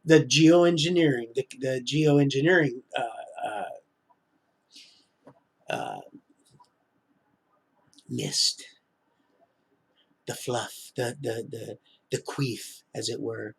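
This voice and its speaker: A man telling his life story on a live stream, halting and full of restarts, drifting into preachy religious asides. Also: medium pitch, animated, gravelly, husky. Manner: preachy, sprinkles in religious talk. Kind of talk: rambling live-stream monologue.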